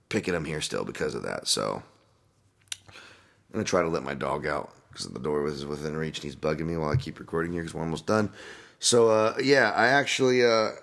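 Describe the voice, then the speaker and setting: A man with a deep, low voice talks through fight predictions in a loose, rambling podcast style. He fills his thoughts with ums and uhs and restarts his sentences as he goes, recording casually at home. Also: creaky, fairly bright tone. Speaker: podcast host, fight analyst. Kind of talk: casual solo podcast breakdown. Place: at home, dog nearby.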